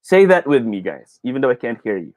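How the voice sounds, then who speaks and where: A man's voice: mid-range voice, sing-song, a little fast, a little mellow, no echo. A man with a Filipino English accent teaching a live online speech class, reading viewers' comments aloud, chatty, often laughing and mixing Tagalog into his English.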